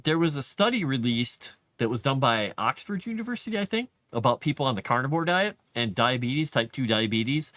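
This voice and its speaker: Man, stream host, rambling casual chat, bright tone, close dry mic. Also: mid-range voice, brisk, hardly any pauses, no room sound. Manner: chatty, rambling, animated, with laughs. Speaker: livestream host. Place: home basement.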